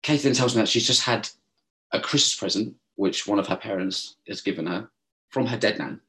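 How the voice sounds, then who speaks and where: A young podcast co-host tears through a story at speed in a very low voice that still comes across brisk, pushed and bright. In a casual podcast chat, he's animated, swears freely, and imitates other people's voices when quoting them.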